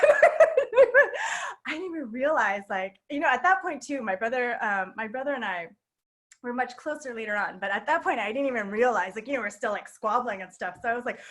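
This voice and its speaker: A woman's voice: fairly high pitch, animated, brisk, a bit bright. A woman telling a personal story at a live storytelling night, chatty and full of fillers and laughter. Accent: New York. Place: queer bookstore event space.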